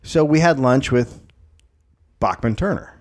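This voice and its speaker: A man's voice: mid-range voice, animated, a little slow. A middle-aged man co-hosting a casual comedy podcast, telling stories with acted-out quotes and plenty of swearing. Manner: storytelling, acts out quotes, swears. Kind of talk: casual chat.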